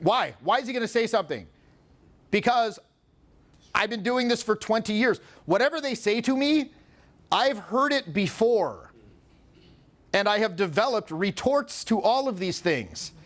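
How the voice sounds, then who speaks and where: Animated, profane man in his forties. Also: high voice, a little slow, pauses often. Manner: animated and profane, acting out quoted voices. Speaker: social skills coach. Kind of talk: casual chat.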